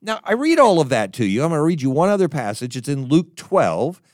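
Male pastor, sermon delivery, fairly high and very animated pitch, dry close sound, emphatic with restarts. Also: fairly quick, no room sound.

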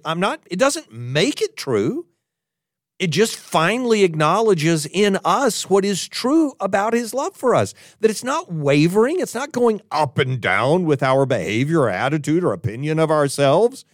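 A man preaching a podcast sermon in an earnest tone, moving between emphatic and hushed. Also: high-pitched, big pitch swings, measured pace, no echo, studio quality. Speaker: pastor.

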